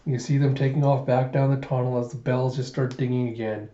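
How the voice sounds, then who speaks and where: A man retells a comic in an animated, casual way, quoting the characters with "he's like." His mellow, dark voice sits in a roomy space on a dull recording. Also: medium pitch, brisk. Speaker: manga reviewer.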